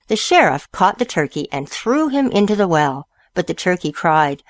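A woman's voice: deep voice, no echo. Woman reading storybooks aloud. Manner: slow expressive read-aloud. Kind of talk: reading picture books aloud.

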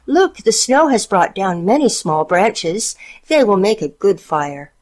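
A woman's voice: mid-range voice, very animated, measured pace, darkish tone, pitched above the performer's own voice. A woman voicing a sweet, trusting little girl in a storybook, eager and full of wonder. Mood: delighted.

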